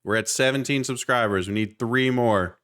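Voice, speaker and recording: A man co-hosting a podcast, a youth baseball coach who tells stories in an animated, joking way. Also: medium pitch, moderate pace. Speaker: podcast co-host. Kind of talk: casual chat.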